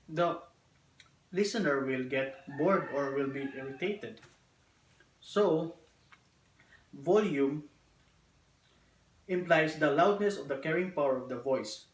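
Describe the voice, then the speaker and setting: Man presenting to a class, higher voice, unhurried phrase-by-phrase delivery, echoey room from afar. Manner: measured, deliberate, phrase by phrase. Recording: echoey room, distant mic.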